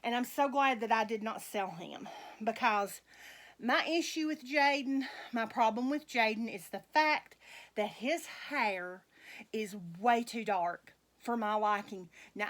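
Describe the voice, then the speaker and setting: This is a middle-aged woman, talking casually to her viewers. Her voice sits a little high. She speaks slowly and loosely, rambling on and laughing often. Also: a bit bright. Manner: slow, chatty, folksy, laughs often. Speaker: vlogger dressing reborn dolls.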